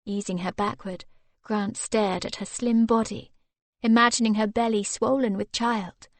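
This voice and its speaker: A woman narrating an audiobook in a measured, expressive manner. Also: medium pitch, no room sound. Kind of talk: scripted narration.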